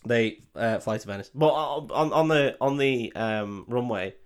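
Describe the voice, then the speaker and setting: A man's voice: mid-range voice, measured pace, smooth. A man, co-hosting a podcast and recapping a film in a joking, sweary way. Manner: joking, sweary, laughs often. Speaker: podcast co-host. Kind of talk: casual film recap chat.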